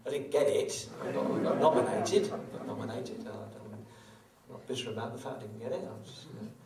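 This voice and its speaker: A man's voice: lowish voice, expressive, brisk, recorded from a distance, over a noisy crowd. A middle-aged man, a guitarist, chatting wryly between songs at a live show, telling self-mocking stories. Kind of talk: on-stage patter between songs. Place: small concert venue on stage. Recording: echoey venue from afar with guitar.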